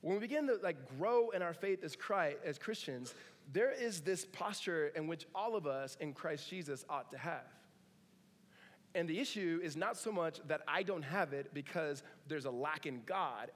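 A man's voice: a little high, a bit bright, in a large hall. A man preaching a sermon as a pastor, conversational, with humorous asides.

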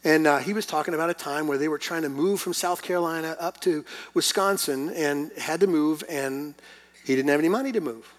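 A middle-aged male pastor preaching to his church in a fairly high voice. He moves from easy storytelling into emphatic, questioning preaching. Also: brisk. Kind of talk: sermon.

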